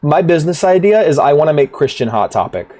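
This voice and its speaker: A man's voice: on the high side, big pitch swings, fast talker, dark tone. A man streaming a rhythm game, chatting casually in a rambling, profane way, laughing often. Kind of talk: casual livestream chat.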